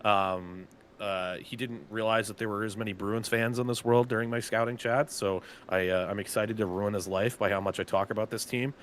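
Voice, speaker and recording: A man's voice: lowish voice, fairly even intonation, normal speed, fairly bright tone, a little hiss or hum. A man, a team general manager, casually announcing draft picks with a chatty, loose manner and lots of filler words. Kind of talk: casual live draft commentary.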